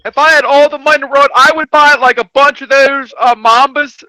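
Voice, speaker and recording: Man, casual livestream chat, excitable, laughs a lot, bright voice, dry close sound. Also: very high voice, fairly quick, no room sound, low-quality recording. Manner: excitable, laughs often, repeats himself. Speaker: livestream co-host.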